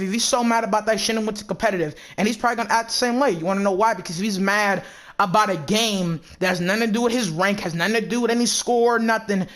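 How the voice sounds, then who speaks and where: A man's voice: high-pitched, fairly bright tone. A gaming YouTuber, a man, arguing heatedly in voice chat and then commenting, combative and repetitive, swearing often.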